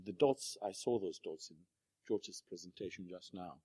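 A man presents at an academic panel, pausing on fillers and repeating himself as he searches for words. His voice sits low, and the sound is dry and close. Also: dark tone, breathy edge, dry recording. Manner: hesitant, many fillers and restarts. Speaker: panel speaker.

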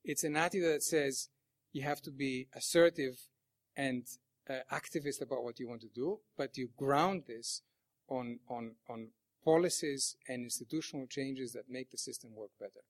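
A man speaks at an academic panel in a measured way and poses rhetorical questions to the room. His voice sits in an ordinary middle range. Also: mid-range voice. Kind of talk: academic presentation.

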